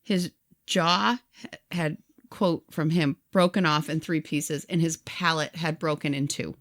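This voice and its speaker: A woman's voice: low voice, fairly even intonation, a little slow, fairly bright tone, no room sound, studio quality. A woman co-hosting a podcast, retelling someone else's story in casual chat and quoting the people in it. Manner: retells a story animatedly, quoting people in their own words. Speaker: podcast co-host.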